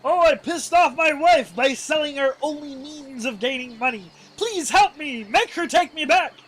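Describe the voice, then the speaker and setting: A man mockingly putting on a squeaky, frog-like voice for a whiny peasant begging for help. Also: normal speed, a bit bright. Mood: wailing. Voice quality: squeaky, nasal. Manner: wailing, pleading.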